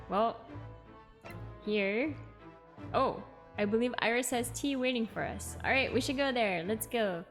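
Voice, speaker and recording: A young woman streaming a game from home, reading dialogue aloud and reacting playfully with gasps. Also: medium pitch.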